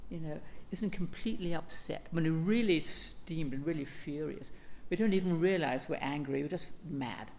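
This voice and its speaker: A woman with a low, mellow voice and a gravelly edge, giving a dharma talk. She speaks calmly and gently, taking her time and pausing to reflect. A faint hiss sits under the recording. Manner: calm, gentle, unhurried, with reflective pauses.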